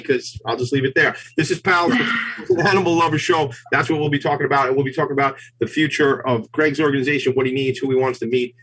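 Rambling, animated male radio host. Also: medium pitch, slightly rough, rough recording. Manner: animated, rambling, many "like" fillers. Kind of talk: lively talk radio chat. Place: New York.

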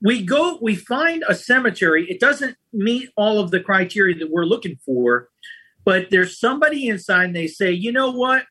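Man host, husky and bright, chatty storyteller with a lively, swinging delivery. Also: high voice, moderate pace. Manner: lively, chatty, often adds "right?" and "man". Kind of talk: casual storytelling chat.

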